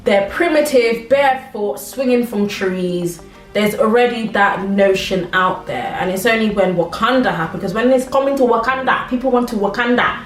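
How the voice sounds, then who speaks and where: A woman's voice: on the high side, moderate pace, distant mic. A young British-born woman chatting casually to camera while eating, laughing often. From Britain. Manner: chatty, laughs a lot, eats while talking. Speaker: vlogger. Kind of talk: casual mukbang chat to camera. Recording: echoey room with faint music.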